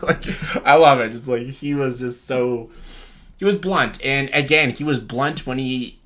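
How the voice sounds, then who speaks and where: A man's voice: medium pitch, measured pace, a bit bright. A man chatting casually as a video host, rambling and enthusiastic, swearing freely and often laughing. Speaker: YouTuber reviewing a reality show. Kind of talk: casual chat.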